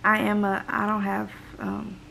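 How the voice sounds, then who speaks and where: A woman's voice: medium pitch, completely flat delivery, unhurried, vocal fry, pushed and bright, a little hiss or hum. A young woman from Los Angeles vlogging casually while sick and congested, rambling and emotional. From Los Angeles, United States. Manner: rambling, talks in reported thoughts. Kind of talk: casual vlog talk.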